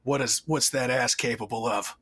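A man's voice: medium pitch, fairly even intonation, normal speed, a bit bright, husky. A young man co-hosting a comedy podcast, chatting in a crude, easygoing way and laughing often. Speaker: podcast co-host. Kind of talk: casual comedy podcast chat.

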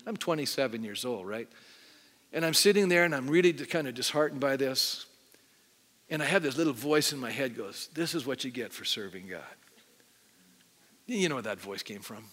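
A man's voice: mid-range voice, animated, a little fast, fairly bright tone. Conversational male pastor in a reverberant hall. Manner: conversational, asks the congregation many questions. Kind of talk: sermon with altar call. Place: church sanctuary. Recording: long hall reverb with faint music.

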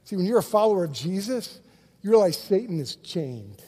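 A man preaching a sermon as a pastor, energetic, acting out quotes and repeating words for emphasis. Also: high-pitched, normal speed, husky, long reverb tail.

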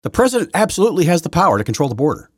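A man hosting his own podcast from his basement, rambling through a political rant that swings from loud outbursts to low muttering, with many restarts. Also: sing-song, very fast, slightly rough, no room sound, studio quality. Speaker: podcast host. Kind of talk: solo political commentary rant. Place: home basement.

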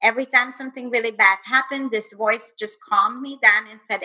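A woman's voice: a little high, fairly even intonation, brisk, bright, forceful tone, low-quality recording. A woman guest and author telling her personal story in an earnest, intense way, speeding up in bursts.

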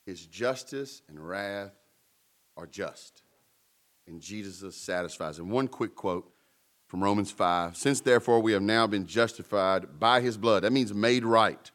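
A man's voice: lowish voice, measured pace, a bit bright. A man preaching a sermon in a conversational way, with playful asides and emphatic peaks. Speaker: pastor.

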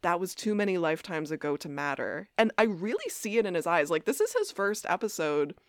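A young woman co-hosting a podcast, chatting through an episode recap with a fairly low voice. She recorded close and dry, with no room sound. Now and then she drops into put-on voices to act out the characters' lines. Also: a little fast, dry recording. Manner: animated retelling, acting out lines in put-on voices. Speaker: podcast co-host. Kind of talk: casual recap chat.

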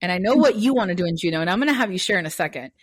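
A woman's voice: fairly low pitch, lively intonation, very fast, no echo, studio quality. A woman from Los Angeles, a travel advisor co-hosting a podcast, chatting in a playful, dramatic way. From Los Angeles, United States. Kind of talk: casual chat.

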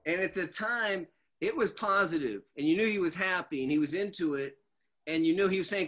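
A man hosting a casual chat among musicians who asks questions and recalls old times, often pausing on fillers. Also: sits high, a bit bright. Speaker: host leading a musicians' reminiscence.

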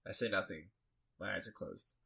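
A man playing a tabletop game, speaking in character in a deadpan, mock-threatening way. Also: low voice, normal speed, vocal fry, husky. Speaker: player.

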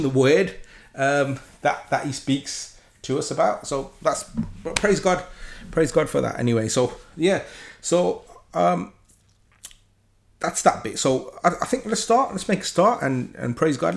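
Man teaching the bible, earnest, excitable, restarts a lot, self-deprecating, medium pitch. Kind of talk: informal Bible study talk.

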